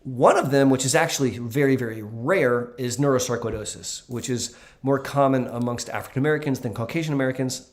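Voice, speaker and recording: A man's voice: mid-range voice, brisk. A man who works as a doctor, talking in a casual livestream Q&A and answering viewer questions in an earnest, emphatic way with frequent ums.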